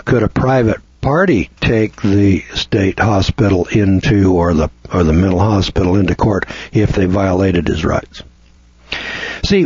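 A blunt, scornful man rambles through a lecture with frequent restarts. His voice sits low and husky. The recording is dry and dull, with a lo-fi sound. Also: darkish tone, no echo. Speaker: seminar lecturer. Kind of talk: folksy lecture.

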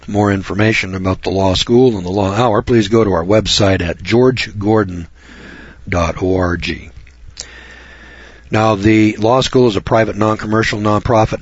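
Middle-aged guy on talk radio, husky voice, rambling and sarcastic, dull dry lo-fi sound. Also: on the low side, dry recording. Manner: folksy, sarcastic, rambling with repetitions. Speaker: radio talk show host. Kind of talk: folksy radio commentary.

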